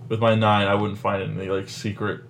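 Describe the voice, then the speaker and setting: A man playing in a tabletop role-playing game, relaxed and joking. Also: on the low side, fairly quick, soft background music. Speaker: player.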